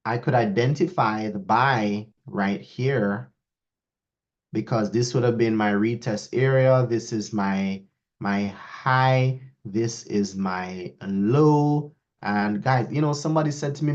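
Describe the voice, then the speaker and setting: A man teaches trading live, his pitch swinging widely as he talks to his students. He often raises his voice to act out their questions. The recording is dull and lo-fi. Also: measured pace. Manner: lively, talks to students, quotes askers in a raised voice. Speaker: trading instructor. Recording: dull lo-fi audio.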